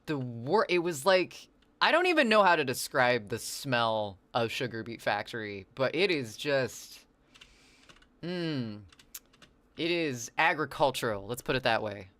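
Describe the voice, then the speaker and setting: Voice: mid-range voice, animated, a little slow, fairly bright tone. A chatty streamer talks loosely over a game, drifting from one story to the next. Chat messages get read out and answered along the way. Silly wordplay slips in between the tangents. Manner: rambling and chatty, reads chat aloud and answers it; playful wordplay and silly asides. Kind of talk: casual live-stream chat while gaming.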